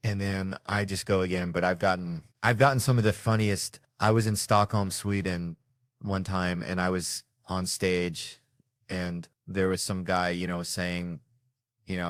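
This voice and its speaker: Man, very low voice, dry close sound, rambling jokey storyteller, casual interview. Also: flat delivery, measured pace, no echo. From United States. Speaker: comedian guest.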